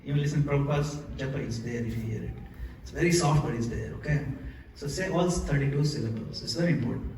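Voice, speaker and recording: A man delivers a temple sermon in a high voice, questioning his listeners and demonstrating chants. He sounds distant from the microphone, and the hall around him is heavily reverberant. A faint hiss of room noise lies underneath. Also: fast talker, a little mellow. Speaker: temple lecturer. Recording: echoey hall, recorded from afar.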